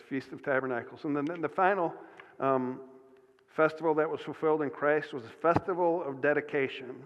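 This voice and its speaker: Male pastor, sermon, earnest, stumbling restarts, fairly high voice, long hall reverb, dull sound. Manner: earnest, restarts often, many fillers.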